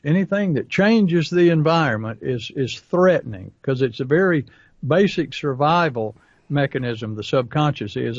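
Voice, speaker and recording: A man's voice: medium pitch, a little mellow, no echo, dull audio. A man, co-hosting a podcast as a business coach and telling folksy stories with acted asides. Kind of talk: casual podcast talk.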